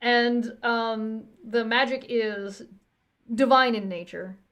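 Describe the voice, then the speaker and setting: A woman's voice: a little high, fairly even intonation, slow pace, fairly bright tone, smooth. A woman narrating a tabletop game as game master, loose and chatty with plenty of ums and laughs.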